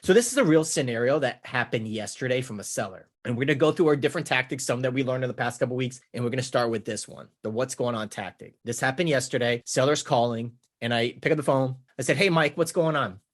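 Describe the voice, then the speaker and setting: A man coaching real estate agents on negotiation, energetic and casual, mimicking clients with playful chatter. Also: medium pitch, quick pace, hardly any pauses. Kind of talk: teaching with slides.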